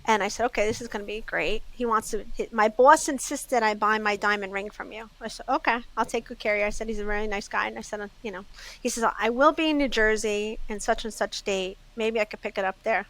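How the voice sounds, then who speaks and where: A woman's voice: a little high, rough recording. A middle-aged woman with a New York accent, a bubbly jewelry store owner telling stories in a casual chat. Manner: bubbly, animated storyteller.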